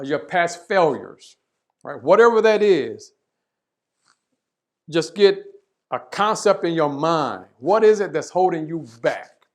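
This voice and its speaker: Man telling a motivational parable. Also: fairly high pitch. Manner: storytelling, acts out voices, frequent "right?". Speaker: leadership speaker. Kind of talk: motivational webinar talk with parable.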